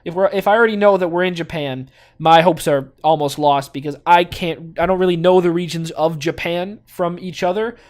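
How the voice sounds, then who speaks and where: A young man from Canada casually commenting on his own gameplay, thinking out loud with lots of fillers and restarts. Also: on the high side, fairly even intonation, a little fast. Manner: rambling, thinks aloud with many fillers and restarts. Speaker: gaming channel host.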